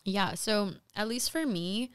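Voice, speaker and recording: A woman's voice: mid-range voice, unhurried, clear, resonant tone, no room sound. Young woman co-hosting a chat podcast, talkative, laughs easily, dry close sound. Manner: chatty, laughs often, says "like" a lot. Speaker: podcast co-host, mother. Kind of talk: casual chat.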